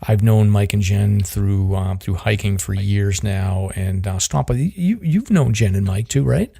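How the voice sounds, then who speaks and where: A man's voice: lowish voice, measured pace, vocal fry, mellow. A man hosting a casual podcast and interviewing guests, chatty and rambling. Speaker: podcast host, search and rescue volunteer.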